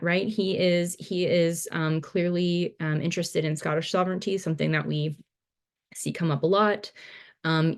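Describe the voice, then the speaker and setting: Low-voiced woman lecturing casually. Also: a little mellow. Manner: casual, many fillers and restarts. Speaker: teacher. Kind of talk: recorded slide lecture.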